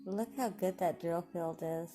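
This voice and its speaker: A woman, chatting excitedly to viewers while unboxing craft supplies. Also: lowish voice, measured pace, faint music behind. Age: 40s. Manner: gushing, excitable, talks to viewers. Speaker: crafting vlogger. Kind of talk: casual unboxing commentary.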